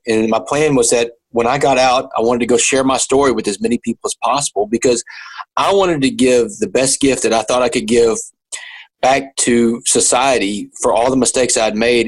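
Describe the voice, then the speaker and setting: A man's voice: mid-range voice, low-quality recording. Earnest man telling his story. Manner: earnest, halting with repeated restarts. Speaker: interview guest. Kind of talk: personal storytelling interview.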